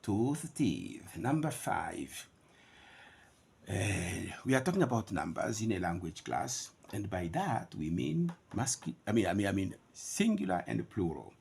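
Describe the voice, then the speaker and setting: A man's voice: on the low side, sing-song, measured pace, gravelly, darkish tone, breathy edge. A man teaching English pronunciation, emphatically contrasting right and wrong ways to say words. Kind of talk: pronunciation lesson.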